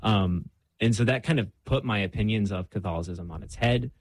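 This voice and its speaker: A young man appears as a guest in a casual faith conversation, speaking briskly in a lowish voice with no room sound. He tells his own faith story candidly and self-deprecatingly, full of fillers and restarts.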